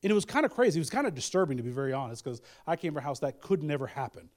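A man with a high, light voice delivers a sermon. He talks in a loose, conversational way, repeating phrases and tossing in asides to the congregation. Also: big pitch swings, rapid-fire. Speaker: pastor.

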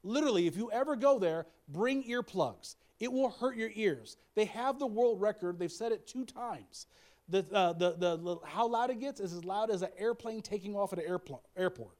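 A man from the American Midwest preaching a sermon, conversational and humorous, with lots of restarts and bursts of excitement. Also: sits high, normal speed. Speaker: pastor.

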